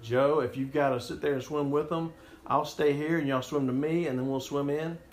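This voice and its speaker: A man's voice: a little high, fairly even intonation, moderate pace, reverberant, close to an everyday voice. A man voicing his friend, a blunt young man sternly ordering a panicking swimmer to swim. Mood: commanding. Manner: stern, commanding.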